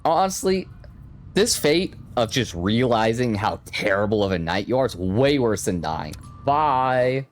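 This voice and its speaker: A man's voice: medium pitch, very animated, a little slow. A man playing a game on his channel, reading the story text dramatically and breaking off into profane joking asides. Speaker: gaming creator. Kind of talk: gameplay commentary, reading story text aloud.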